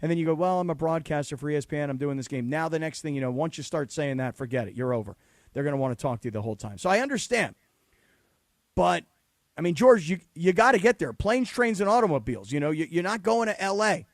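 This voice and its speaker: A man hosting a sports radio show, talking in casual, teasing banter and spinning animated stories. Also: a little high, quick pace, dry recording, clean studio sound. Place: radio studio.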